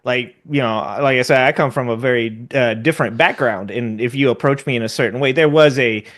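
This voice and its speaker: A man's voice: medium pitch, a little fast, fairly bright tone. A man on a casual podcast chat, telling stories animatedly, swearing freely and laughing often.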